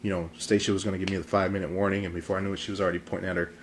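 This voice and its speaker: A man's voice: deep voice, level tone, very fast, a little hiss or hum. Congested man chatting to his phone. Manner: chatty, goofy, rambling with fillers. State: congested, sore throat. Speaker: vlog host. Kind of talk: casual talk to camera.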